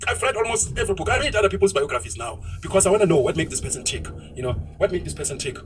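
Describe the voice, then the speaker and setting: A South African man with a high voice hammers out his opinions at a quick clip and slips into Zulu phrases along the way. He sits well back from the microphone, so his voice comes through distant. A faint hiss of noise stays underneath. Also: very animated. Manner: forceful, ranting, switches into Zulu phrases. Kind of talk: opinionated casual talk.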